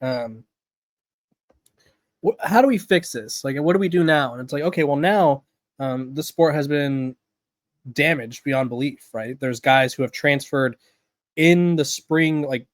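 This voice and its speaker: A man's voice: a little high, measured pace, long pauses, dry recording. A man hosting a daily college football podcast, talking in a loose, conversational way with fillers and restarts. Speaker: podcast host. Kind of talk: casual sports podcast commentary.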